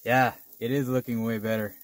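A bushcraft channel host from rural New Brunswick, Canada, chats casually to camera out in the woods, rambling with fillers and chuckles. His medium-pitched voice moves little in pitch and goes fairly quickly, picked up by a camera-mounted shotgun mic.

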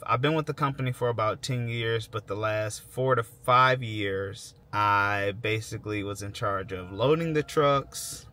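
A man talks casually to his camera, circling back and correcting himself as he explains. His voice has a bright, forward ring at a middling pitch. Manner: rambling, self-correcting explanations. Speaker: vlog host. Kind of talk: casual talking-to-camera vlog.

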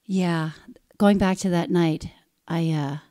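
A woman in her forties, an actress telling a personal story live on stage into a handheld mic, animated and bursting into loud quoted lines. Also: on the low side, takes it slowly. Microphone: handheld stage microphone.

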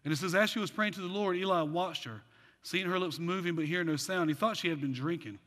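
A man preaching a sermon as pastor, animated with joking asides, then dropping into quiet earnest passages. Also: high-pitched, quick pace. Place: church sanctuary. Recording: long church hall reverb.

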